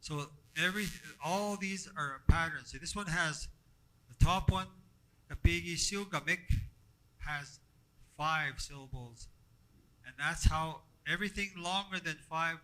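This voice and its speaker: A man teaching a language workshop to a group, halting and repeating himself as he explains and asks the room questions. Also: fairly high pitch, pushed and bright, rough recording. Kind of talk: classroom teaching. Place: classroom.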